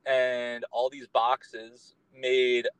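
A man's voice: medium pitch, level tone, very slow, fairly bright tone, clean tone, no echo, low-quality recording. A man, a guest on a podcast, talking in a casual conversation and telling his story in an earnest, meandering way.

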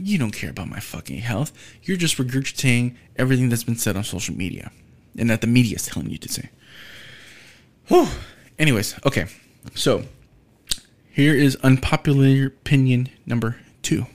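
A man's voice: medium pitch, expressive, moderate pace. A young man from Texas hosting a podcast, delivering a blunt, profane solo rant. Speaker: podcast host.

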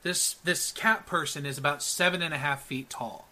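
A man narrating as game master in a relaxed, hesitant way with many fillers. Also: on the high side, normal speed, a little hiss or hum.

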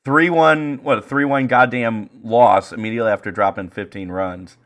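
A man co-hosting a podcast, telling stories in casual chat, animated and full of swearing. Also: mid-range voice, moderate pace. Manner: profane, animated storytelling. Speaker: podcast co-host.

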